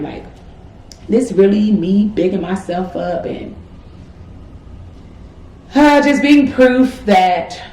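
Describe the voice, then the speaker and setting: A medical student in her twenties talks candidly and reflectively in a personal vlog, cheering herself on with casual fillers. Her voice is warm and medium in pitch, recorded in an echoey room with faint ambience.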